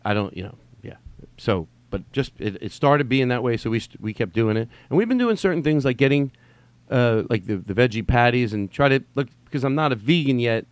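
Male podcast host, casual and meandering, mid pitch, dry close-mic sound. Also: animated, brisk, no room sound. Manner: rambling, swearing, mimics texts in sing-song voice. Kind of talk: casual rambling podcast monologue.

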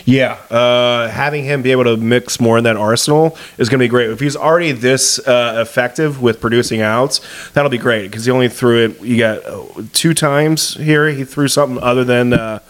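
A man co-hosting a podcast, talking sports in a measured way with frequent fillers. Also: mid-range voice, fairly even intonation. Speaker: podcast co-host. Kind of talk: casual sports chat.

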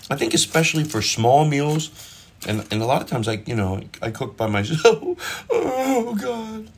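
A middle-aged comedian talks at a normal speed in a sing-song, medium-pitched voice, with slight background noise. He's hosting his own show from home, rambling casually while cooking and eating, breaking off mid-thought and swearing mildly, all captured on a propped-up phone.

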